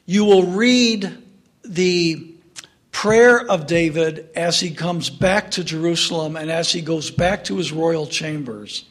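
A man preaching a sermon, retelling a story with drama, dropping to a hush for sad moments and rising to call out to his listeners. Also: fairly high pitch, takes it slowly. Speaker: pastor.

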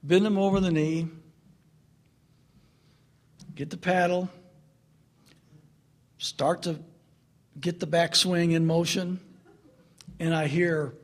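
A middle-aged man preaching through a family story, swinging from loud laughter to hushed earnestness. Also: fairly high pitch, fairly even intonation, slow, long pauses. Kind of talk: storytelling sermon.

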